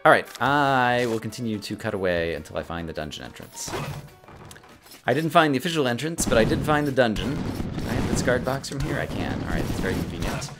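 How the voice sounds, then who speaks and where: A man giving casual let's-play commentary, talking fast, tripping over his words and getting excitable, with game music behind him. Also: mid-range voice. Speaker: gaming video host.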